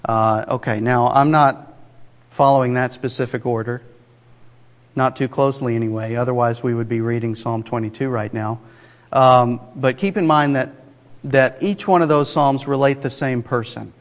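A man's voice: medium pitch, steady tone, moderate pace. A man preaching a sermon in a conversational, emphatic way, with rhetorical asides to the congregation. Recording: long hall reverb.

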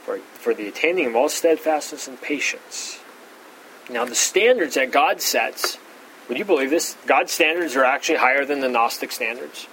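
A pastor giving an expository Bible teaching, repeating words and saying "all right" often, rising in pitch to stress key points. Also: male voice, lively intonation, normal speed, sharp tone, a little hiss or hum, poor audio. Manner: rises in pitch for emphasis.

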